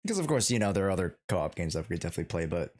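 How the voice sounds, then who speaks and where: A man on a podcast chatting in an easygoing, halting way. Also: deep voice, very animated, darkish tone. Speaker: podcast guest. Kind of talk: casual chat.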